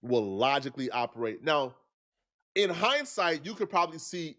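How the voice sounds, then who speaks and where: A man's voice: a little high, very animated, normal speed, a bit bright. A man giving earnest, argumentative commentary, repeating himself to press his points.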